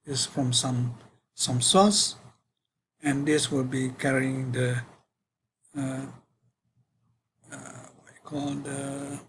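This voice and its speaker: Slow, halting male physics lecturer. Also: mid-range voice, fairly even intonation, a little hiss or hum, poor audio. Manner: slow, halting, with frequent fillers and self-corrections. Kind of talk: university lecture.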